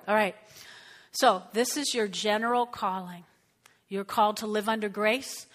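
A woman pastor preaching a sermon and leading prayer, animated and exuberant with sudden exclamations. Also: on the high side.

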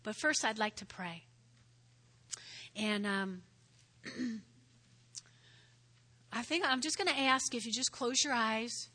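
A woman pastor giving a sermon and altar call, earnest, often repeating her words and turning soft and prayerful. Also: a little high, takes it slowly, pauses often.

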